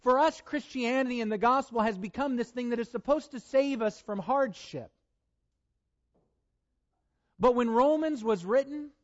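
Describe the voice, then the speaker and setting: High-voiced man preaching a sermon. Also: dull audio. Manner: deliberate, emphatic scripture reading. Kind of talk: sermon with scripture reading.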